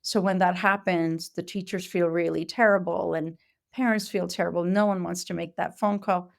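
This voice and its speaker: A woman who works as a Montessori educator, giving an earnest, explanatory conference talk with frequent pauses and fillers. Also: fairly low pitch, steady tone, creaky.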